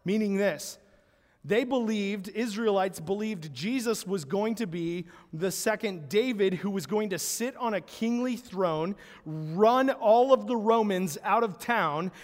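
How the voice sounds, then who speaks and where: Guy preaching, high voice, acts out the bible lines, echoey hall. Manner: animated storytelling, acts out biblical dialogue. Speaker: pastor. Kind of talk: sermon.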